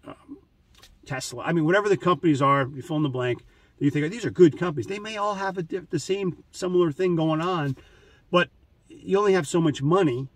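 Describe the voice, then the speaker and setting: Husky-voiced man rambling casually. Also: a little high, fairly quick, no room sound, distant mic. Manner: rambling, anecdotal, many restarts and fillers. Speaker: trading channel host. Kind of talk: casual monologue.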